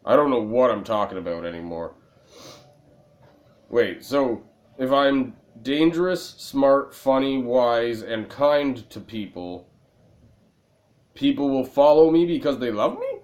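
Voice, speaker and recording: A man's voice: mid-range voice, sing-song, slow, pauses often. A man casually commenting as he plays a video game, joking, profane and rambling. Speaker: let's play gamer.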